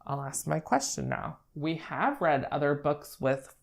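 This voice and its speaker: A young woman speech therapist explaining how to model language during a read-aloud, in an animated teaching manner. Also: low-pitched, a little slow, vocal fry. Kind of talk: instructional talk with read-aloud.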